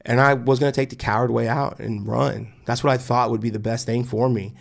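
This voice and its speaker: A man in his forties tells a personal story on a podcast, earnest and candid. His voice is gravelly, sitting at an ordinary pitch for a man. He slips into the voices of the people in his story as he goes. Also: a little fast, few pauses. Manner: animated, acts out the voices of people in his stories; emotional, earnest. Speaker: podcast guest.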